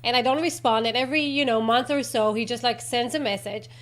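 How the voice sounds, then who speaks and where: A woman with a high voice hosts a casual interview. She talks emphatically and acts out both sides of her stories. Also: fast talker, a bit bright. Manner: emphatic, acts out quoted exchanges. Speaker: podcast host.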